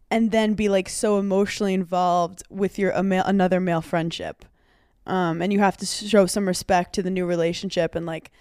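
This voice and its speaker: A woman's voice: medium pitch, darkish tone, smooth, no echo, clean studio sound. A young woman chatting as a podcast guest, telling stories animatedly and laughing often. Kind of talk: casual chat.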